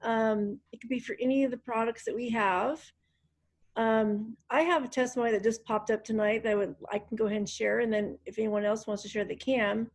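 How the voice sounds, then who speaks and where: A woman with a fairly high voice hosts a group call from a hotel room. She talks casually and chattily, filling her pauses with ums. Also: fairly even intonation. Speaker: host of a group wellness call. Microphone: online group call.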